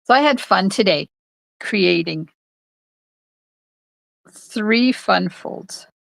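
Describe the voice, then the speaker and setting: A woman's voice: medium pitch, animated, very slow, vocal fry, fairly bright tone, rough recording. An older woman, a card-making instructor, chatting to viewers during a live-streamed craft tutorial in her home craft room. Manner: chatty, talks to viewers while stamping.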